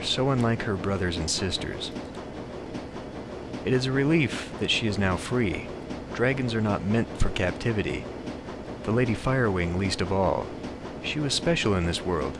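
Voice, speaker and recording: Dude reading an old dragon posing as a suave guy, slow and lofty, lowish voice, noisy bg. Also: expressive. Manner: slow, lofty, philosophical speech. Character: ancient dragon disguised as a suave man, lofty.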